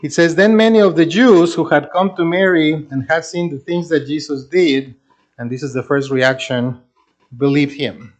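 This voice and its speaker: A man preaching a sermon, earnest and emphatic, slowing down to stress key phrases. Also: fairly high pitch, muffled recording. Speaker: pastor.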